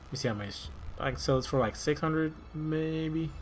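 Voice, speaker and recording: A man's voice: fairly high pitch, fairly quick, faint music behind. A man from Maryland streaming a game, chatting casually and rambling to himself as he plays. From Maryland, USA. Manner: rambling, relaxed, talks to himself while playing. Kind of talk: casual gameplay commentary.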